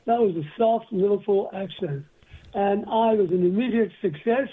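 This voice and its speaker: An older man with a husky voice, a guest telling long rambling stories in an interview. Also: sits high, normal speed. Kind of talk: rambling anecdotal storytelling. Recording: tinny phone line.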